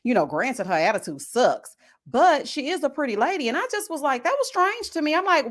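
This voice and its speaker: This reality-show review host has a high voice and a brisk delivery. Recapping the show live and casually, the young woman is animated and sassy, dishing out plenty of shade with slang-laced asides.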